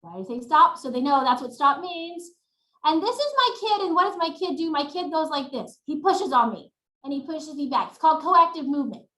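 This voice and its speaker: A woman presenting a webinar, demonstrating routines in an animated way, recorded on a webcam at home. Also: high voice, fairly quick, roomy sound, low-quality recording. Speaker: workshop presenter.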